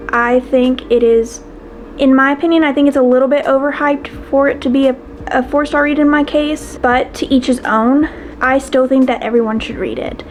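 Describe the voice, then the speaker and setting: A woman's voice: high-pitched, a little hiss or hum, rough recording. A woman chatting expressively to her viewers in a casual reading vlog. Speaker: book vlogger.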